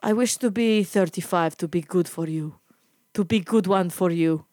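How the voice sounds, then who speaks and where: A woman's voice: on the low side, normal speed, darkish tone, dry recording, studio quality, lightly acted. A woman voicing a pushy older male driver who speaks in clipped, broken English and fires off nosy questions. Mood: pushy, leering. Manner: clipped, ungrammatical, insistent questions.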